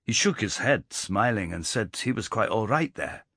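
Husky male audiobook narrator. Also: fairly low pitch, normal speed, no room sound, studio quality. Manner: expressive storytelling, voicing characters in dialogue. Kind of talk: storytelling narration.

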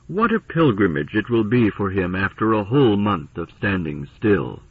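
Brief: teasing, delighted far-future woman, read by a male narrator, husky voice, tinny distant radio sound. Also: on the low side, sing-song, normal speed, no echo, heavily acted. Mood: amused.

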